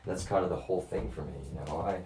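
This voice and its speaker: A man's voice: deep voice, fairly even intonation, fast, a little mellow, slight background noise. A man livestreaming a profane, rambling rant, talking to his chat as "y'all" in an agitated way. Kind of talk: ranting live stream monologue.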